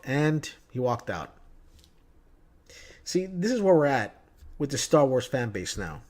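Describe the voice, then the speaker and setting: A man's voice: medium pitch, lively intonation, normal speed, pauses often. A man vlogging casually about movie news, chatty and opinionated, telling stories from his day. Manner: chatty, opinionated, tells anecdotes.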